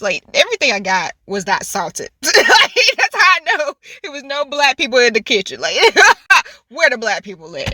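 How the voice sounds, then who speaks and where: A young woman with a bright, ringing voice, set a little high, tells a storytime to her vlog audience. She vents in an exasperated, slangy way, swears freely and laughs between lines. The sound is dry and close. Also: no echo. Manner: exasperated, swears freely, repeats herself while venting. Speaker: vlogger.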